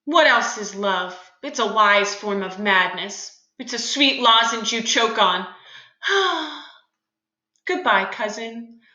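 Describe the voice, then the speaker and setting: Moping lovesick young man, read by a woman, bright higher voice, melodramatic, roomy echo. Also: animated, slow, exaggerated voice. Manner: melodramatic, sighing complaints. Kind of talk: reading a play aloud.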